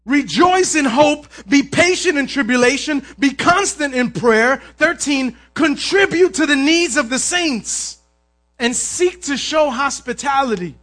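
This is a man with a very high, bright voice delivering an energetic sermon as a pastor. He often raises his voice to a shout and asks the congregation for an "amen" as he goes. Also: a little slow.

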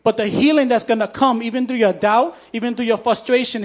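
A man's voice: very high-pitched, steady tone, a little fast. A man preaching a sermon, telling a personal story in a conversational, heartfelt way, with frequent fillers and restarts. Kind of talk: testimony sermon.

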